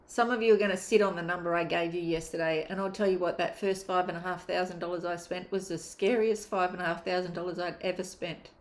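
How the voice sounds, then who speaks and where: A woman's voice: on the low side, fairly even intonation, fast, hardly any pauses. A woman, a mindset coach giving a candid, emphatic motivational course talk and swearing casually. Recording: roomy echo.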